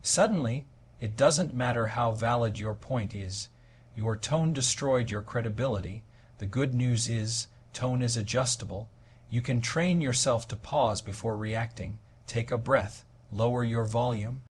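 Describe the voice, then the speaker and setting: A man delivering a scripted motivational talk on communication, with measured, emphatic pacing and deliberate pauses. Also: mid-range voice, slightly rough. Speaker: motivational speaker.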